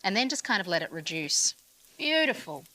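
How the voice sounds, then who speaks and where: A woman's voice: mid-range voice, sing-song, normal speed, pushed and bright, poor audio. A woman hosting a cooking show, walking through each cooking step while asking her guest questions.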